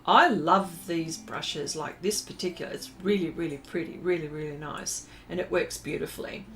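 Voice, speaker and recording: A woman's voice: sits low, moderate pace, fairly bright tone, a little hiss or hum. Chatty woman streaming live. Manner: chatty and rambling, many fillers and restarts; greets viewers by name. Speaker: art livestream host. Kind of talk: casual livestream chat.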